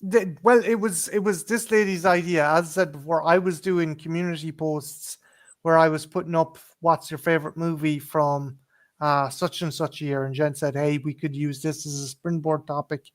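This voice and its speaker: A man's voice: on the high side, steady tone, normal speed. A man co-hosting a casual online talk show, swearing freely and restarting his sentences. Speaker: podcast co-host. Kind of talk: casual chat.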